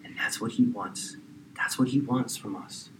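A man preaching a sermon in a church, talking in a conversational way that sometimes drops to a hushed near-whisper. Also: mid-range voice, normal speed, echoey room. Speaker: pastor. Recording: distant mic with faint background hiss.

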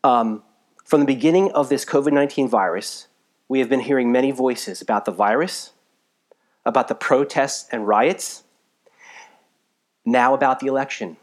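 A man from the United States preaching a live sermon in a conversational way, swinging between emphatic bursts and quiet asides, a little tired. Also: medium pitch, normal speed, pauses often. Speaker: pastor.

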